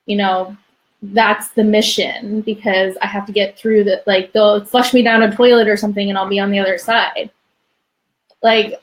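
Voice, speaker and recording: Chatty young woman telling her story. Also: mid-range voice. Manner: chatty, many "like"s, laughs between phrases. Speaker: guest. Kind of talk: candid personal storytelling.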